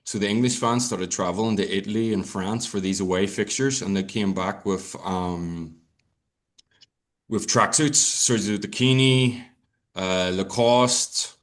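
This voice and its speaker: A young Irish man talks loosely on a podcast, rambling through his points with plenty of swearing and restarts. His voice sits on the low side. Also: steady tone, a little slow. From Ireland. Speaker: podcast guest. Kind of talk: casual chat.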